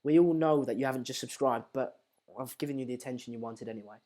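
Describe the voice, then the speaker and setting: A young man with a warm, medium-pitched voice talks fast while hosting a live-stream football watchalong, chatting casually and reading viewer comments aloud with plenty of ums and uhs.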